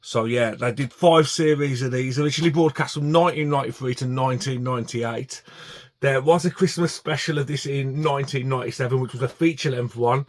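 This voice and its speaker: A man's voice: mid-range voice, brisk. A man chatting casually to camera about his DVD collection, enthusiastic and full of fillers and restarts.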